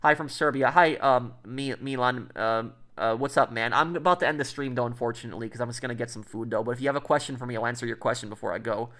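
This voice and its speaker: A man's voice: mid-range voice, fast, few pauses, a bit bright. A man streaming and chatting casually with viewers, rambling with lots of fillers and restarts. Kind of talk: casual livestream chat.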